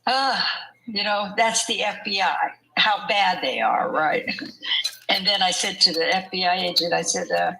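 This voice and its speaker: A woman's voice: mid-range voice, measured pace, creaky, pushed and bright, slight background noise, rough recording. An older woman telling her story in an interview, chatty and often laughing as she talks. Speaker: interview guest. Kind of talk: conversational storytelling.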